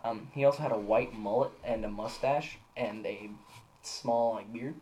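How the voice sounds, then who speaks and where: Young male podcast co-host, loose rambling storyteller, mid-pitched, faint noise floor. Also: moderate pace, mellow, low-quality recording. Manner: rambling storyteller, lots of fillers and restarts. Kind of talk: casual chat.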